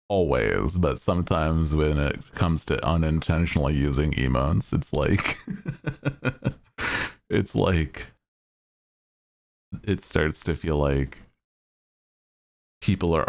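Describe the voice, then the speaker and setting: A man's voice: rumbling low, creaky. A man chatting casually while livestreaming a game, rambling playfully and laughing often. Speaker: game streamer.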